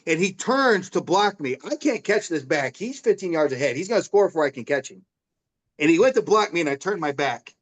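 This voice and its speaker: A man telling lively stories as a guest in a casual conversation, acting out his own yelling. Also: a little high, a little fast. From Illinois. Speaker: guest, former semi-pro football player.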